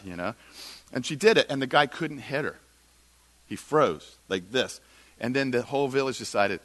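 Brief: middle-aged male church speaker, bright-toned, animated anecdotal storytelling. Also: a little fast. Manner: animated storyteller, quotes others in lowered voice. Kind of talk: storytelling sermon talk.

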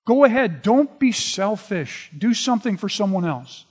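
A man preaching a sermon, retelling scripture in a relaxed, conversational storytelling way. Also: sits high, normal speed. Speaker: pastor. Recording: long reverb of a large hall.

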